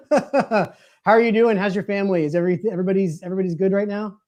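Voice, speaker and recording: A man's voice: high-pitched, fairly even intonation, fast, darkish tone. A man hosting a live stream over a video call, chatting casually, joking and laughing often. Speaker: livestream host.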